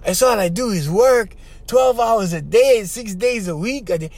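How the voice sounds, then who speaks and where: A man's voice: high-pitched, a little slow, darkish tone, voice pushed up. A man voicing a worn-out, tearful young woman client who speaks in Hawaiian pidgin-style phrasing. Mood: distressed.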